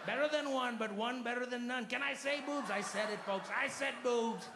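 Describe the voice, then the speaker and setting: A man's voice: extremely high pitch, normal speed, roomy sound, pitched above the performer's own voice. A comedian doing an impression of a boastful, rambling older male leader, drawling and repeating himself in a noisy live room. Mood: bragging. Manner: drawling, repetitive, bragging. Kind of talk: stand-up impression.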